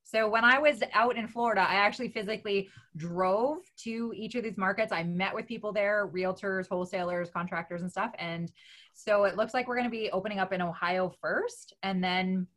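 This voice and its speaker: Bright, emphatic woman guest. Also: medium pitch, brisk. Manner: animated, emphatic, blunt. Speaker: real estate investor guest. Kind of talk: casual chat.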